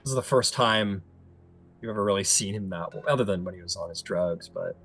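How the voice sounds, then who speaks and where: A man's voice: fairly low pitch, brisk, a bit bright. A man narrating a tabletop game as game master, casual and hesitant with many fillers.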